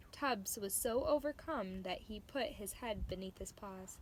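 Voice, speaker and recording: Slow-reading woman storyteller. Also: medium pitch, a little hiss or hum. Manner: slow, explaining words to young listeners. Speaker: storybook reader. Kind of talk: reading a storybook aloud to children.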